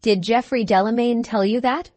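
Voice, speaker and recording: Woman voicing a calm, firm wronged woman. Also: on the high side, moderate pace, no echo, close to an everyday voice. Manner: gentle, steady, controlled.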